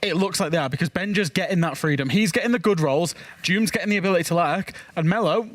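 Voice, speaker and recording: A man's voice: sits high, quick pace, fairly bright tone. A man on an esports analyst desk, breaking down team tactics enthusiastically and laughing easily.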